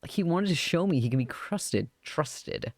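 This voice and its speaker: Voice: mid-range voice, expressive, brisk, a little mellow, dry recording, studio quality. A streamer reading a romance visual novel aloud live, with giggly, chatty joking asides.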